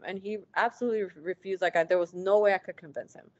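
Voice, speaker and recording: A woman's voice: mid-range voice, racing, hardly any pauses, darkish tone, no room sound. A woman guest on an interview show, telling a personal story casually, acting out past conversations and using lots of "like" fillers. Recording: dull lo-fi, dry sound.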